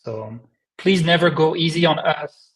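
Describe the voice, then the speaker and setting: A man's voice: on the high side, normal speed, rough recording. French-accented man on a live stream. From France. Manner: relaxed, friendly, with restarts and ums. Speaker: company co-founder guest. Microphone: video call.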